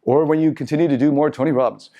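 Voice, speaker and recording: A man's voice: fairly high pitch, steady tone, racing, mellow, lo-fi sound. Man reading and lecturing to a group. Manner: reads passages then riffs casually with asides. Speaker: seminar teacher. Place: meeting room.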